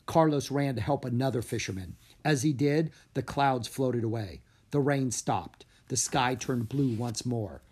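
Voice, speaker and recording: A man narrating a children's story in an animated storybook way. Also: mid-range voice, a little slow, hardly any pauses, husky.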